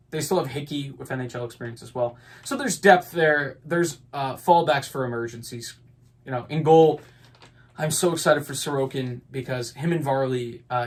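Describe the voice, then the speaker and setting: A man hosting a podcast, giving casual sports talk in a rambling, upbeat way with lots of fillers. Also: mid-range voice. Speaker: podcast host.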